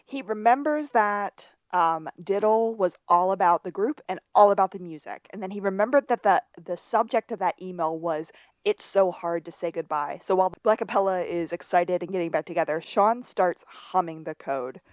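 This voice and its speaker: A woman's voice: fairly low pitch, moderate pace, no room sound. A woman co-hosting a podcast, narrating an episode recap in casual chat. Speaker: podcast co-host.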